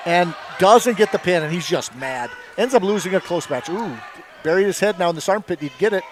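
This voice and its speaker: A man's voice: high voice, expressive, a little fast, noisy background. A middle-aged man, a former coach, commentating a wrestling meet with rambling, chuckling anecdotes. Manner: rambling storyteller, chuckles often. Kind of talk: folksy play-by-play with anecdotes.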